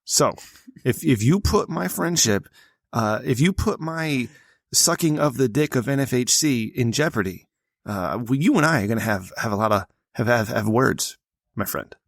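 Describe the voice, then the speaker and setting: A man's voice: medium pitch, lively intonation, normal speed, vocal fry, no echo, clean studio sound. A man co-hosting a comedy podcast, brash and profane, ribbing his co-host. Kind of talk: casual comedic chat.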